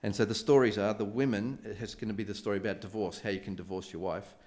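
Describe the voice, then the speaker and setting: Male preacher, lowish voice, chatty sermon delivery, lots of ums and restarts. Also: quick pace. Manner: conversational, animated retelling with many fillers and restarts.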